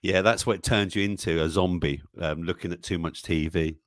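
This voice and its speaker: Speaking a little fast in a low, fairly even voice, a man hosts a casual news livestream. He chats, reads memes aloud, chuckles often, and exclaims over what he puts up. It's studio quality, with no echo.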